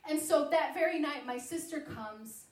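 A woman giving a sermon-style personal testimony, telling her story in a lively way with chatty asides to the audience. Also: high voice, normal speed. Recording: echoey hall, mic at a distance.

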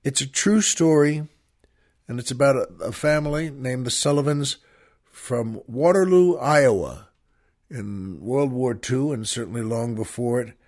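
A man's voice: medium pitch, unhurried, a little mellow. A man hosting a show, chatting folksily with listeners and introducing a poem and a film. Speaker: radio show host. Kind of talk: folksy show talk and poetry reading.

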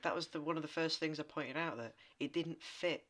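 A man, co-hosting a casual film chat podcast, answering with dry, deadpan quips. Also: a little high, fairly quick. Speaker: podcast co-host.

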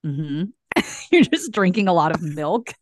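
Low-voiced gushy woman cohost, casual chat, dry close sound. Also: sing-song, no echo. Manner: bubbly and gushing, quick to laugh. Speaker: co-host.

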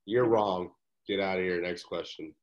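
A man's voice: low voice, steady tone, normal speed, lo-fi sound. A man co-hosting a casual podcast, bantering and arguing his point in a joking way. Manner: argumentative, joking.

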